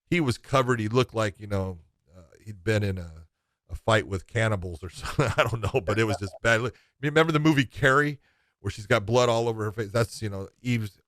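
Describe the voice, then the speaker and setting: A man's voice: fairly low pitch, brisk, no room sound. A man co-hosting a podcast, telling a story in casual chat and acting out the dialogue. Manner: lively storyteller who acts out quoted dialogue. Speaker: podcast co-host.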